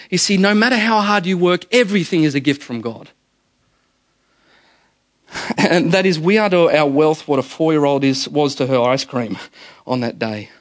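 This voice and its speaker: A middle-aged man preaching a sermon as pastor, telling stories with animated energy, often repeating words and calling his listeners guys. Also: fairly high pitch, moderate pace, long pauses.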